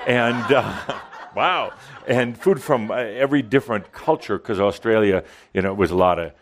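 A man's voice: lowish voice, expressive, normal speed. A man hosting a show in casual chat, rambling with many fillers and chuckles. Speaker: host.

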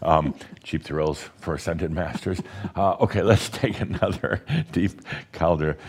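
A man, a spiritual teacher, guiding a group through deep breathing in a playful, teasing way with slow, emphatic phrasing. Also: husky. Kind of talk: guided breathing talk to an audience.

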